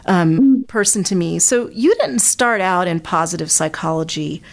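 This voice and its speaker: A woman's voice: on the low side, expressive, normal speed, vocal fry. A woman in her thirties hosting a casual interview, chatty and laughing often. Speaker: host.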